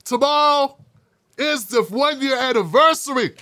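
Sarcastic high-voiced male commentator. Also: unhurried, bright, forceful tone, no room sound, studio quality. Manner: sarcastic, mocking, profane. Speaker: independent media commentator. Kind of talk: casual online show commentary.

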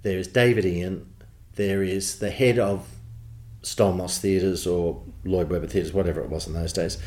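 A man with an Australian accent, a theatre producer telling lively backstage anecdotes in an interview. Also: low voice, normal speed. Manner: animated storyteller, does voices in quotes.

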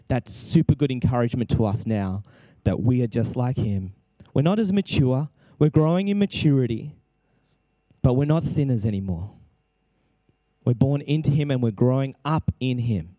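A man's voice: mid-range voice, lively intonation, normal speed, mellow, no room sound. A man preaching an impassioned sermon, exclaiming and acting out prayers as he speaks.

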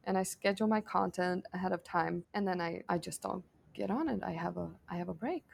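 A woman from Sweden talks as a guest over a video call, her voice gravelly with vocal fry. She tells animated stories, acts out quoted dialogue, and swears casually. It sounds like a relaxed conversation. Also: on the low side, fairly quick, slight background noise. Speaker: podcast guest.

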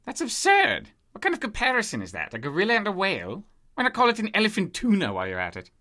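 Brief: pompous English gentleman explorer, voiced by a man in an audio drama; bright, animated delivery. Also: mid-range voice, brisk. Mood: fussy. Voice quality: pompous, fussy.

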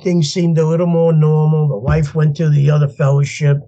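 An older man, a podcast guest telling his story in an animated way and laughing as he goes. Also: on the high side, fairly quick, lo-fi sound. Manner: animated, laughs as he tells stories, acts out voices in quotes. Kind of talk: storytelling interview.

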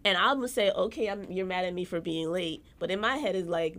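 A woman's voice: lowish voice, brisk, fairly bright tone. A woman co-hosting a podcast in casual chat, candid and emphatic, often restarting her sentences. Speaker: podcast co-host.

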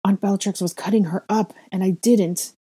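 A woman reading aloud voices a guilty, tearful teenage boy who speaks in halting, choked murmurs. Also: mid-range voice, steady tone, mellow, breathy edge. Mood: distressed.

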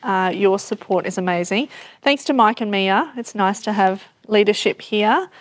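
A woman's voice: medium pitch, normal speed, dry recording. Woman host thanking guests, dry sound. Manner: warm, grateful, hesitant with fillers. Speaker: podcast host. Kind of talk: live podcast, thanking the audience.

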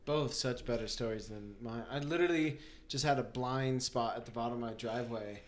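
A man's voice: medium pitch, fairly quick. A young man hosting a casual podcast chat, telling stories with lots of laughter and acted-out voices. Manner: laughing, animated storyteller who acts out voices. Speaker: podcast host.

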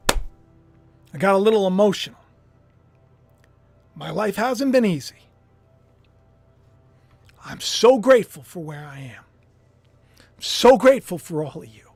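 Fervent high-voiced preaching man. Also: very animated, creaky, a little mellow, no room sound, faint music behind. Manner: fervent, slows down hard for emphasis. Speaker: podcast host. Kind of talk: impassioned scripture preaching. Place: at home.

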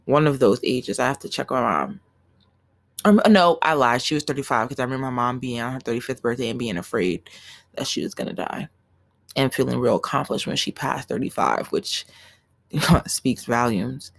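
A woman's voice: very deep voice, animated, moderate pace, no echo. A young woman hosting her own podcast, talking earnestly and emotionally in a candid, profane solo monologue. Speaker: podcast host.

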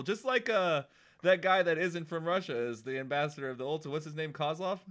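A man's voice: a little high, fairly quick, fairly bright tone. A man co-hosting a podcast, jokey and teasing, laughing often. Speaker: podcast co-host. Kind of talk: casual podcast chat.

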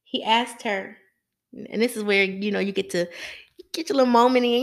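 A woman's voice: medium pitch, steady tone, normal speed. A woman hosting a casual livestream Bible devotional, chatty and slangy, laughing often as she reads and comments. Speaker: livestream host reading scripture.

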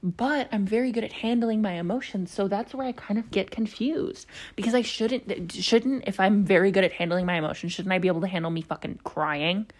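A woman's voice: medium pitch, fairly quick, few pauses. A young woman hosting a podcast, talking in a rambling, confessional way, full of swearing and "like" fillers. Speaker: podcast host. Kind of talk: casual confessional monologue.

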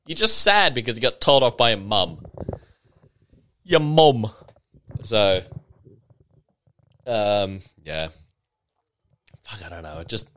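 Tipsy man ranting on his podcast, swinging pitch, swears, mocks people in put-on voices. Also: dry recording. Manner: animated, swearing, mocking impressions. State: a bit tipsy. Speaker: podcast host. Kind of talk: casual solo podcast rant.

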